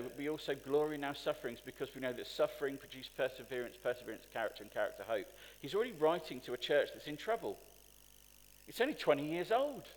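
Long hall reverb surrounds a mid-range male voice delivering a sermon, with a little hiss or hum underneath. He's animated, quizzing the congregation and climbing to emphatic peaks.

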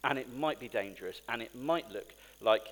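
A man's voice: mid-range voice, moderate pace, a bit bright. A man preaching a sermon in a conversational, storytelling way, with asides to the congregation. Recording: long hall reverb.

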